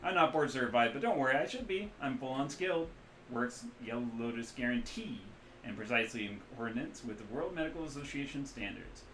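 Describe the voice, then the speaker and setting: A man voicing a cheerful, hungover, scarred middle-aged man who runs a cybernetic back-alley clinic, speaking loud and boastful with a loose Midwestern accent. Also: medium pitch, lively intonation, fairly quick, slight background noise, pitched above the performer's own voice, close to an everyday voice. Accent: loose Midwestern American. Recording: roomy echo, faint room ambience.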